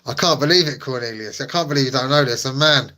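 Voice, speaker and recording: A man's voice: mid-range voice, fast talker, sharp tone. A man streaming live, chatting casually with his viewers in a playful, teasing way that tips into mock drama.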